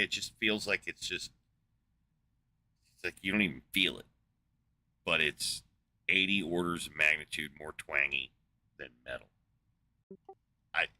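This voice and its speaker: A man's voice: low voice, bright, forceful tone. A man in a casual, rambling monologue, swearing a lot, incredulous and full of fillers. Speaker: podcast host. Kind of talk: casual profane rant.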